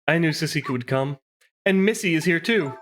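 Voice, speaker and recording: A man voicing a sweet, timid young girl in a video game, speaking in a soft, childlike way. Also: on the high side, expressive, moderate pace, voice pushed up.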